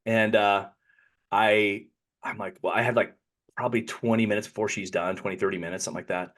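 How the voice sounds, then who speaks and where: Low-voiced man rambling through a story. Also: fairly even intonation, a little fast, a bit bright. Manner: rambling, self-correcting storyteller. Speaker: podcast co-host. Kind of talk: casual anecdote telling.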